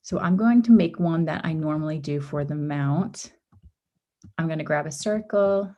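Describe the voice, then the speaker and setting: A woman's voice: low-pitched, moderate pace, highs cut off. A woman leading a live online design workshop, walking through steps casually while losing her voice. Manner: casual, step-by-step, with frequent ums and oopses. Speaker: workshop instructor. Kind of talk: live screen-share design tutorial.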